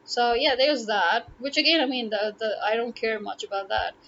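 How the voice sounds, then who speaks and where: A woman's voice: fairly high pitch, moderate pace, fairly bright tone. A woman from Pakistan with a Pakistani English accent, talking casually to camera, exasperated and firing rhetorical questions. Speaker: vlogger. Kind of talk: casual opinion monologue. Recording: dull lo-fi audio with faint noise.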